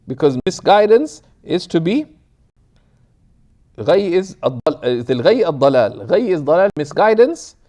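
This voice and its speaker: A middle-aged man teaching a class, reading Arabic text quickly and explaining it in English, often checking with "right?", with classical Arabic pronunciation of the terms. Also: a little high, a little mellow. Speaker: teacher of Islamic theology.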